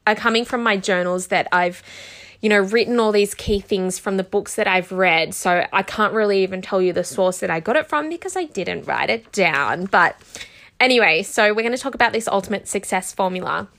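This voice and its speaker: Casting: woman, bright clear voice, candid self-help host, emotional, fighting tears. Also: mid-range voice, animated, normal speed. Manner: emotional, heartfelt, full of "like" and "you know". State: close to tears. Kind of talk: candid personal monologue.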